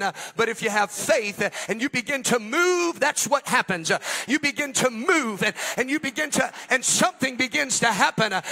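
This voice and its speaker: A man preaching a Pentecostal sermon at a church service. He swings between quiet joking asides to the congregation and shouted, sing-song preaching. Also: very high-pitched, creaky. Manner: humorous and talks directly to the congregation.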